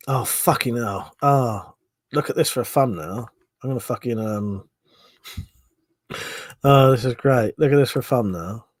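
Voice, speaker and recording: Tipsy man, husky voice. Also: medium pitch, unhurried, long pauses, no room sound. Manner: swears a lot, laughs often, rambling. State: drunk. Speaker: livestream host. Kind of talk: casual live chat reading viewer comments.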